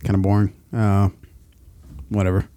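A man co-hosting a casual podcast chat, swearing and laughing often and getting animated as he talks. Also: fairly low pitch, moderate pace, clear, resonant tone, no room sound. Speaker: podcast co-host.

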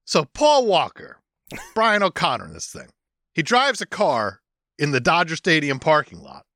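A man co-hosting a podcast, chatting casually and making sarcastic jokes with quick asides. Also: a little high, huge pitch swings, bright, forceful tone, dry recording, studio quality. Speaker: podcast co-host. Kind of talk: casual comedy chat.

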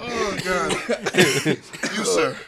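Dude on a podcast, slightly high voice, crude and teasing, friends laughing around him. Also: male voice, huge pitch swings, extremely slow, creaky, a loud crowd. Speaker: podcast co-host. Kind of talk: casual chat.

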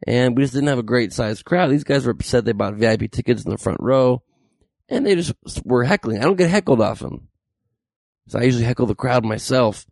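Male comedian recounting a story; gravelly, lively, dry studio sound. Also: medium pitch, brisk, dry recording. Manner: animated, acts out quoted voices. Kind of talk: casual storytelling.

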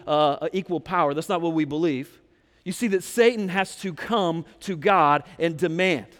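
Male pastor, chatty sermon delivery with asides to the room, a touch high, long hall echo. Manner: conversational, direct asides to the congregation. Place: church sanctuary.

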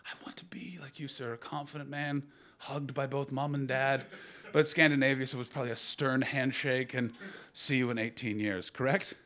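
A Canadian man in his thirties telling a stand-up comedy story and bantering with the audience, swinging from loud outbursts to low asides. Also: fairly even intonation, moderate pace. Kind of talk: stand-up comedy with crowd work.

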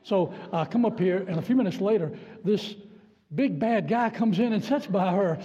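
A man's voice: high voice, moderate pace, dark tone. A man in his seventies from Virginia, preaching a sermon in a church in a folksy, joking, emphatic way. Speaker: guest preacher. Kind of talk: sermon with jokes. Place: church sanctuary. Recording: dull sound with long church reverb.

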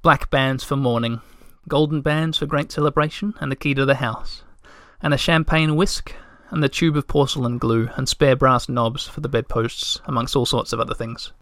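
A man reading a children's storybook aloud in a gentle, measured way. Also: medium pitch, dry recording, clean studio sound. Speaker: narrator.

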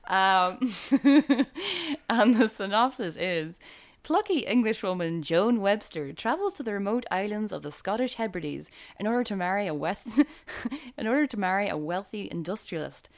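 A woman's voice: mid-range voice, expressive, normal speed. A young woman co-hosting a film podcast, chatting casually and laughing often. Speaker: podcast co-host.

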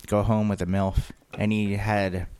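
A man's voice: lowish voice, little pitch movement, a little slow, clear, resonant tone. A man hosting a rowdy, casual chat among friends, teasing them with crude leading questions. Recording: other men laughing loudly nearby.

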